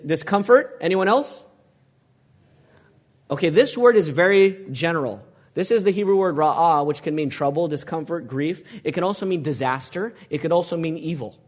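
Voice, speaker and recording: Man preaching with a higher voice. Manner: asks the congregation questions, emphatic preaching. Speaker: pastor. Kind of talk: sermon.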